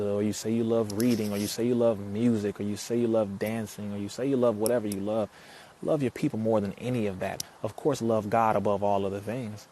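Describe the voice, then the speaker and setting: A man's voice: fairly low pitch, darkish tone, a little hiss or hum. A man hosting a casual live stream, talking straight to viewers in an emphatic way, repeating lines for effect and answering comments as they come in.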